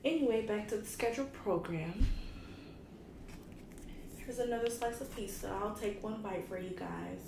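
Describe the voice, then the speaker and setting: A candid, slangy food vlogger in her twenties talks directly to camera between bites, her mid-range voice at normal speed broken by long pauses. The background is noisy, with faint ambience from the roomy space picked up by the camera mic.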